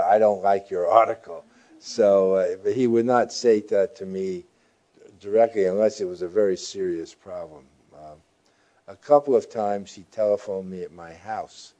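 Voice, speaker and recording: An older man, a journalist, answering interview questions in a reflective, halting way with frequent pauses and restarts. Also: sits low, warm tone, highs cut off.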